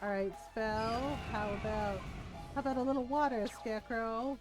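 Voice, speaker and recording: A woman streamer chatting casually while playing a game, animated and swearing freely. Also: a little high, normal speed, music in the background, rough recording. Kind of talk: casual gameplay commentary.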